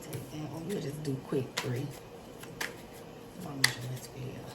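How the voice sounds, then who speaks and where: A middle-aged woman giving a casual tarot reading on her channel, chatty and excitable, talking straight to her viewers. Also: rumbling low, unhurried. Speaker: tarot reader and channel host. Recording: noisy background hiss.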